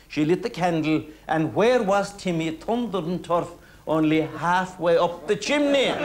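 A lilting Irish seanchaí-style teller spinning a comic folk tale in rolling, rhythmic phrases. His voice sits a little high for a man, and he leans into humour and long strings of "and he..." clauses. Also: expressive, measured pace. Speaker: storyteller. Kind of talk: traditional oral storytelling.

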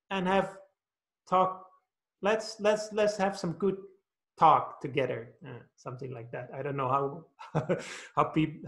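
Man giving a dharma talk. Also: fairly high pitch. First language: Dutch. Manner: patient, explaining with stories and many "uh"s. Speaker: Buddhist meditation teacher. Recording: roomy echo.

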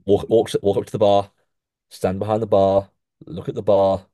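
In a podcast studio with studio-quality audio and no room sound, a young co-host with a fairly low voice talks at a normal speed. He rates physiques in a casual chat, sounding like an animated coach and saying "mate" constantly.

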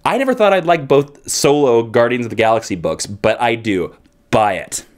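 A man's voice: medium pitch, lively intonation, normal speed. A man from Kansas who reviews comic books casually and enthusiastically, with swooping emphasis. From Kansas, United States.

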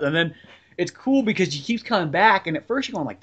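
A man on a casual film podcast with a slightly high voice that swings widely in pitch. He rambles cheerfully, laughing now and then as he talks. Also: quick pace, slightly rough. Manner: lively, rambling, chuckling asides. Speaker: podcast co-host. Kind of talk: casual movie chat.

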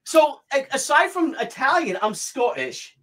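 A man hosting a casual video-call chat, excitable and prone to stammering and repeating words. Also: very high voice, unhurried, a loud crowd. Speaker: host.

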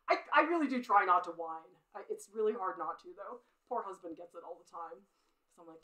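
A woman's voice: medium pitch, animated, moderate pace, bright, forceful tone, low-quality recording. A middle-aged woman teaches drawing in a live stream, talking as she works. Her voice swings widely up and down, and she keeps up a self-critical, chatty running commentary, laughing at her own slips. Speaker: art teacher.

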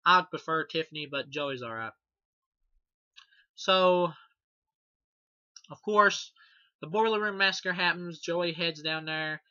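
A man's voice: a little high, takes it slowly, long pauses, pushed and bright, no echo. A man reviewing a horror movie in casual, rambling talk, swearing a lot and laughing at the film. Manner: rambling and profane, many fillers and restarts. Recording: dull, dry lo-fi sound.

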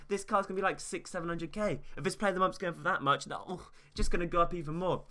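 A young man giving casual, chatty gaming commentary, talking straight to his viewers in an excited way. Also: fairly high pitch. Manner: fast, chatty, hyped, talks straight to viewers. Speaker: gaming YouTuber.

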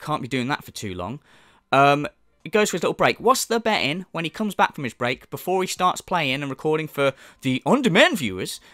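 A man's voice: mid-range voice, bright, forceful tone, dry recording, clean studio sound. A man ranting in sneering, profane commentary as a channel host.

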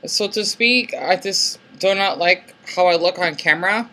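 A man in his late twenties with an American accent and a squeaky voice, talking in a soft-spoken, hesitant way with many fillers and restarts into a laptop mic in a casual vlog. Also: moderate pace. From United States. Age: late 20s. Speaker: vlogger. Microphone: laptop built-in mic.

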